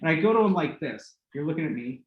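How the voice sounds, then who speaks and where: A man hosting a podcast, telling a long story in a casual, animated way with lots of fillers and laughter. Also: a little high, fast talker, phone-quality sound. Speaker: podcast host. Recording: roomy echo with faint noise.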